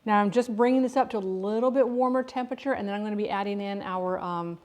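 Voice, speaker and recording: Speaking fast in a medium-pitched, somewhat mellow voice, a middle-aged woman cooks at home while chatting live with viewers. Her casual talk meanders, with frequent restarts.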